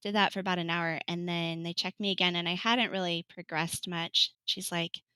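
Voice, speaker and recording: A woman's voice: on the low side, steady tone, normal speed, sharp tone, clean tone, no echo, rough recording. A woman in her thirties from California telling her birth story in an interview, chatty, laughing often and acting out what people said. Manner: chatty, laughs often, acts out quoted lines. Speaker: podcast guest.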